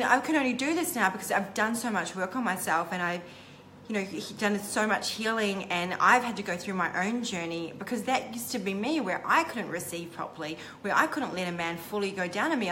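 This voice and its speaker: A woman coach telling a candid, heartfelt personal story to camera, often pausing with "um" and "like". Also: medium pitch, a bit bright, a little hiss or hum. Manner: halting, many "um" and "like" restarts. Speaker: intimacy coach.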